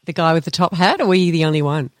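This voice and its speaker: Woman host, lowish voice, quiet short questions, dry sound. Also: rapid-fire, dry recording. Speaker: podcast host. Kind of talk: casual interview chat.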